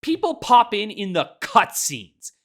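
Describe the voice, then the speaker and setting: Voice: mid-range voice, big pitch swings, unhurried. A podcast co-host in casual chat, ranting animatedly and swearing a lot, often laughing.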